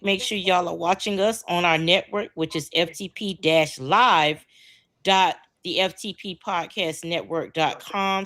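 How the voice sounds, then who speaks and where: A woman co-hosts a live podcast and greets viewers with quick, friendly reminders. Her voice sits low for a woman, and she keeps her delivery casual. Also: a bit bright. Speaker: podcast co-host. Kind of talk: casual live-stream chat.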